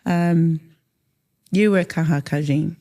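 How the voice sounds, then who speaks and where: A woman's voice: sits low, steady tone, slow pace, warm tone. A woman, a guest in a casual interview, talking in a rambling way with many fillers and Māori words mixed in. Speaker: interview guest, haka performer.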